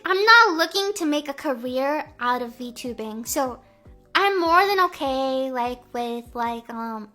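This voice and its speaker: A woman's voice: sits high, pushed and bright. A young woman streaming as a VTuber, chatting casually in a rambling, stammering, Valley-girl way full of fillers. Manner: stammering, repeating phrases. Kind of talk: casual livestream chat.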